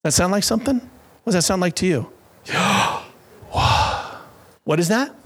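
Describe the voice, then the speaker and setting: A man preaching a sermon as a pastor, telling stories with lively acted-out voices and breathy sounds. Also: high-pitched, fast. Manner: animated storytelling, acts out voices and breathy sounds.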